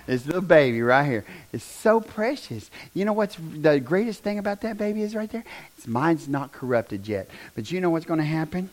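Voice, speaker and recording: A man, preaching a fiery revival sermon in a church, swinging from shouts down to a near-whisper. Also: on the high side, big pitch swings, normal speed. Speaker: pastor.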